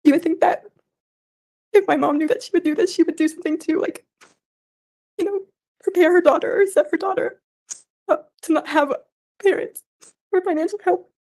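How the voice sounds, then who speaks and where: High-voiced young woman testifying. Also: a little mellow. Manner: halting, with many fillers. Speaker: trial witness. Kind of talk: courtroom testimony.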